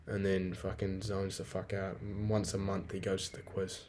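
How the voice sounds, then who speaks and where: A man's voice: deep voice, completely flat delivery, moderate pace, a little mellow, slight background noise. A young man, rambling and swearing freely in a casual solo podcast monologue. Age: 20s. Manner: profane, rambling, venting. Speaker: podcast host.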